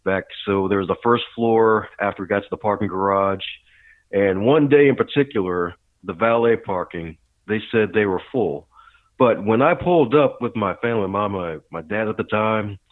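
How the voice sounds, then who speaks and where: A man being interviewed as a guest, telling animated stories in casual talk and acting out what people said. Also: lowish voice, moderate pace, no echo. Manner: animated storyteller who acts out quotes and laughs loudly. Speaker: podcast guest, author and speaker. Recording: tinny phone-like remote line.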